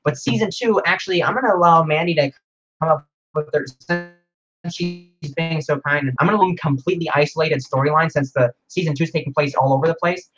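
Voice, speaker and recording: A man hosting a casual livestream Q&A, rambling excitedly as he reads viewer comments aloud. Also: a little high, fairly quick, highs cut off, music in the background. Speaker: livestream host.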